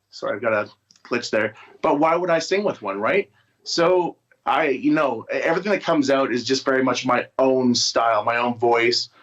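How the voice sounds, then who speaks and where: A man who is a musician, chatting casually and rambling through an interview over a video call. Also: fairly high pitch. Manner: rambling, with frequent restarts and fillers. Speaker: musician guest. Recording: dull lo-fi video call audio.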